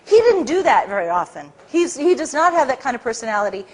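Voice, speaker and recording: A middle-aged woman speaking to an audience, telling a story in an animated way and acting out the people she quotes. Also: quick pace. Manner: acts out quoted people with big pitch jumps. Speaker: speaker at a public talk.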